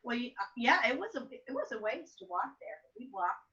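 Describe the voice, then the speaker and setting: A woman's voice: fairly high pitch, a little fast. An older woman recalls her childhood in an easy, chatty interview. She livens her tellings by acting out her younger self and her mother. The recording sounds a little dull and muffled. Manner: animated storytelling, acts out her younger self. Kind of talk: telling family stories. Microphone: soft and distant at times.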